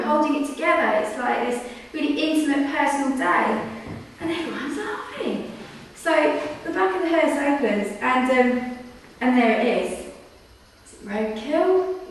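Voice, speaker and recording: A woman telling a personal anecdote in a chatty way, full of fillers, acting out quotes and giggling. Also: a little high. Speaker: storyteller. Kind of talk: personal anecdote told live. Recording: very echoey room, mic far off.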